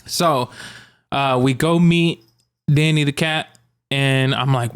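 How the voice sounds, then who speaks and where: A young man co-hosting a casual podcast, telling a long personal story at an unhurried pace. He rambles a bit, piles in fillers and laughs easily, sounding loose and conversational. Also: mid-range voice, clear, resonant tone. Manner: relaxed, rambling, many likes and ums, laughs often. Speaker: podcast co-host.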